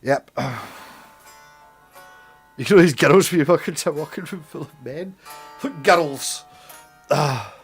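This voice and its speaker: A young man with a broad Glaswegian accent rambles through a casual livestream chat, swearing freely as he goes. His voice sits a little higher than most men's. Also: slow pace, pauses often, breathy edge, soft background music. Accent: Glaswegian Scottish. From Scotland. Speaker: livestream host.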